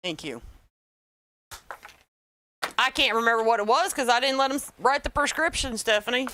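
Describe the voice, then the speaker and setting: A woman's voice: a little high, lively intonation, moderate pace, bright, forceful tone. A middle-aged woman with a Southern US accent hosting a crafting tutorial, folksy and wisecracking, calling her viewers y'all.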